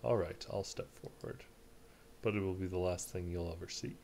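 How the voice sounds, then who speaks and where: A cold, threatening assassin, put on by a man in a low, gravelly, menacing voice. He speaks with quiet confidence and no mercy. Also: moderate pace, slight background noise.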